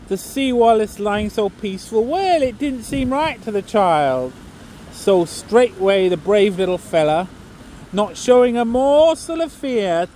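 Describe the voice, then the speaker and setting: A man recites a comic poem aloud outdoors, slow and theatrical. His voice sits high, and he puts on a Lancashire accent. Faint street traffic hums behind him. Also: a little mellow. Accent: put-on Lancashire. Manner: storytelling, theatrical. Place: outdoors in a seaside town.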